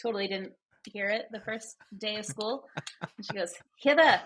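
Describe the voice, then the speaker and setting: Female co-host, husky, teasing, quick to laugh and interject. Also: mid-range voice, little pitch movement, a bit bright. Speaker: podcast co-host. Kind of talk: casual book chat.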